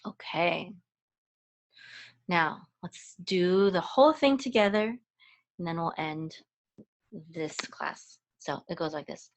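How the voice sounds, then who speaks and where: Slow and pausing often, a woman with a fairly low voice teaches Hebrew reading; she is a Hebrew and Torah chanting teacher. She goes patiently through the letters and vowel sounds individually, spelling out each sound and syllable step by step, and often hesitates and starts over.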